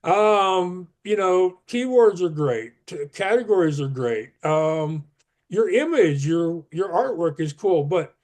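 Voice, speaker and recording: A man's voice: sits high, lively intonation, takes it slowly, darkish tone. A man speaking as a podcast guest, earnest and emphatic, pushing up his voice on key advice. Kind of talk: casual interview talk.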